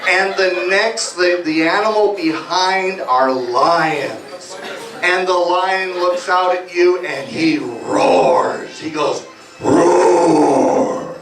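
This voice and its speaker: A man's voice: sits high, takes it slowly. A man working as a stage hypnotist, playfully guiding volunteers through suggestions at a live comedy show in a small bar. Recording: echoey bar from far off, music behind.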